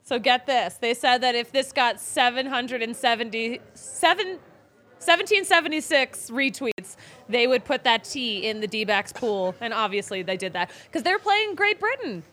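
A woman hosting a casual sports chat show, bubbly and quick to giggle. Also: on the high side, a bit bright. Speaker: host.

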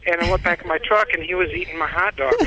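A man calls in to tell a long story, rambling and repeating himself while laughing at his own expense. His voice sits high with a sharp tone, and the audio quality is poor.

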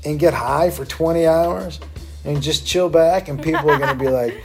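A man's voice: on the high side, moderate pace, soft background music. A man in a stoned state, rambling through a profane, tangent-filled commentary.

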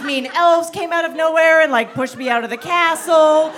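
A woman telling a comic personal story live on stage, acting out childhood scenes with sudden shouts. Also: very high-pitched, quick pace, few pauses, a loud crowd, very noisy. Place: theater stage before a live audience.

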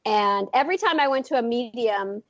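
A woman's voice: a little high, lively intonation, a little fast, fairly bright tone, no room sound, lo-fi sound. A woman in her forties, an author and intuitive, chatting as an interview guest and rambling through her story with many fillers and restarts.

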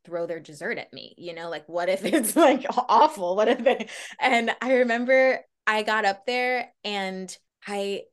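A woman's voice: mid-range voice, unhurried. A woman guest in a casual interview chat, bubbly and laughing often as she tells stories in quoted voices. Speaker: guest performer.

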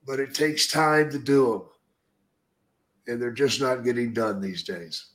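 A man's voice: medium pitch, measured pace, a bit bright. An older man talking as a podcast guest, answering in short, laid-back replies. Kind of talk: casual podcast chat.

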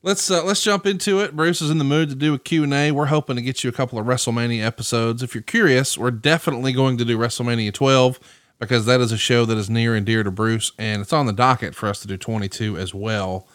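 A man's voice: medium pitch, fairly even intonation, fast talker, a bit bright, no echo, clean studio sound. A man hosting a podcast in casual chat, upbeat and teasing as he steers the talk. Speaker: podcast host.

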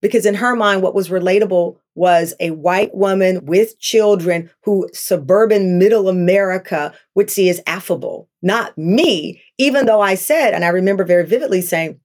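Animated woman telling stories in an interview. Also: medium pitch, moderate pace, hardly any pauses. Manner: animated storytelling, acts out past exchanges in a raised voice. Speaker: talk show host, guest. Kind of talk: candid interview conversation.

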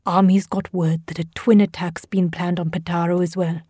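A woman reading the lines of a tense, quick-tempered male school official in an audio drama, speaking clipped and defensive. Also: high voice, level tone, dark tone, breathy edge, no room sound, clean studio sound. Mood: grim.

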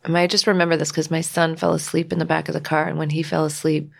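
A woman's voice: sits low, little pitch movement, fast, vocal fry. A woman sharing a personal family story as a podcast guest, emotional, acting out the voices of the people she quotes. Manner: emotional, acts out quoted dialogue.

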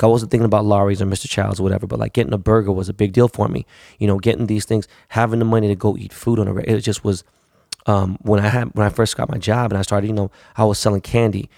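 Blunt, profane man with a gravelly voice. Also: lowish voice, darkish tone, no room sound, clean studio sound. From United States, West Coast. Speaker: podcast host. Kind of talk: casual monologue.

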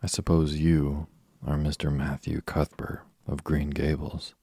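A man voicing a chatty, imaginative orphan girl in a storybook reading, in his own very deep, gravelly voice. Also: flat delivery, a little slow, warm tone, no room sound, clean studio sound, heavily acted. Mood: eager. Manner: eager nonstop chatter.

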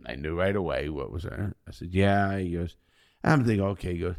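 A man's voice: sits low, brisk, creaky. Blunt, profane man telling prison stories. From United States. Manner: profane, blunt, rambling with restarts. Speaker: interview guest, ex-convict. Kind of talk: casual storytelling.

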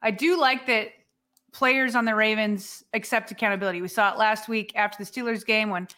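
A woman's voice: mid-range voice, steady tone, brisk, bright, forceful tone. A woman co-hosting a sports podcast, chatting casually and building up her questions to a guest. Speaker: podcast co-host.

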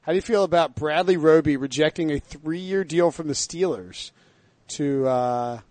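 A man's voice: a little high, normal speed, a little mellow, no echo. A man co-hosting a casual sports show, joking around and quizzing the others. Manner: jokey, asks the others questions. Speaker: sports podcast co-host.

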